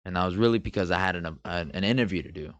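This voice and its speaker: A young man co-hosting a podcast, telling a story in casual chat, animated and swearing freely as he acts out scenes. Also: sits low, very fast, no echo, highs cut off. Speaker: podcast co-host.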